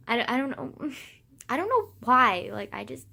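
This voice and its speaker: A teenage girl talking casually to camera, gushing and excitable, full of sighs, fillers and swearing. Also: a little high, slow pace, vocal fry. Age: teens. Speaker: vlogger. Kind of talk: casual rambling vlog.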